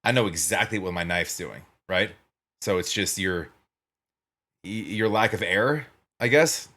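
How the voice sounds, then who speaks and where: A man talking casually as he reacts to a video. His voice sits low and relaxed. He breaks off with little laughs and throws in jokes. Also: unhurried. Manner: chatty, laughing, joking asides.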